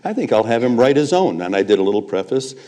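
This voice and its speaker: An older man, a veteran sportscaster, telling anecdotes on stage as a lively raconteur. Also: medium pitch, fast. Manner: lively raconteur, chuckles between punchlines. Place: live event before an audience.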